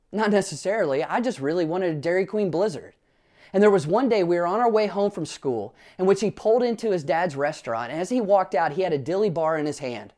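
A man's voice: sits high, a little mellow. A man preaching a sermon as pastor, earnestly asking his listeners rhetorical questions and telling personal family stories.

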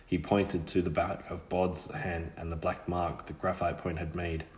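A man reading a novel aloud in a measured, steady way, with small slips. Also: low-pitched, echoey room. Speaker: narrator. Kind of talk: audiobook reading.

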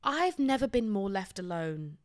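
A woman's voice: medium pitch, very animated, a little slow. A British woman hosting a podcast, telling a comic story in a blunt, sweary, self-deprecating way. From Britain. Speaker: podcast host.

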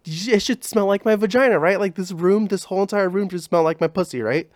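A man voicing a giddy, excited rich woman who gushes breathlessly in a high voice. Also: normal speed, breathy edge, no echo, studio quality. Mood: gushing excited.

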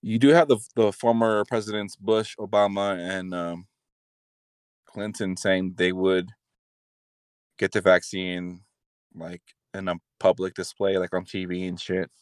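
A man's voice: sits low, flat delivery, unhurried, clean tone, no echo. A man from California ranting in casual, heavily profane chat over a video call. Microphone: video call over the internet.

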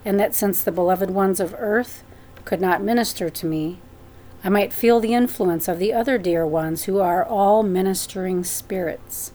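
A woman's voice: medium pitch, normal speed, dark tone. Earnest woman reading a devout memoir. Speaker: narrator. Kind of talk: audiobook reading of a first-person memoir.

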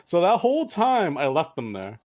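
Lively young man telling a rambling story. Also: fairly high pitch, normal speed. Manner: rambling, full of fillers and restarts. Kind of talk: casual storytelling.

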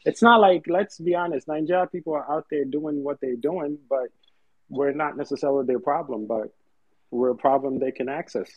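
Man, podcast co-host, teasing and chatty, slightly high voice. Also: no room sound, highs cut off. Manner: teasing, quick interjections, laughs often. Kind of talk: casual chat.

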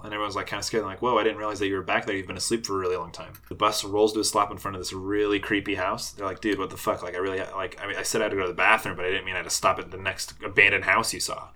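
Fast, bright-voiced man pitching a story. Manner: excited storytelling, acts out lines, swears casually. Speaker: podcast co-host. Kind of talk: casual brainstorming chat.

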